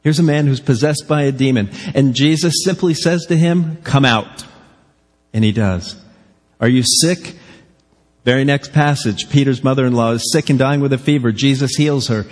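A man preaching from the pulpit with a husky, slightly breathy voice, his words trailing off into the long reverb of a church hall. He is earnest and keeps pressing the congregation with direct questions. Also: medium pitch, normal speed, darkish tone. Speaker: pastor. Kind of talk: sermon. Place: church sanctuary.

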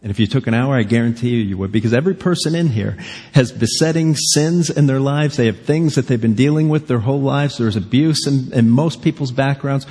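A man preaching a sermon with a slightly husky, breathy tone. He talks earnestly and conversationally, pressing his listeners with questions. His voice carries a long reverb from a large church hall. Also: mid-range voice, a little mellow. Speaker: pastor. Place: church sanctuary.

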